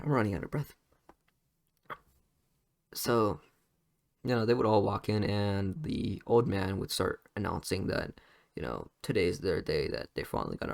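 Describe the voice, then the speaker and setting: Rambling young man with a gravelly voice. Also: lowish voice, no echo, studio quality. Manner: rambling, many fillers and restarts. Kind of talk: casual improvised story retelling.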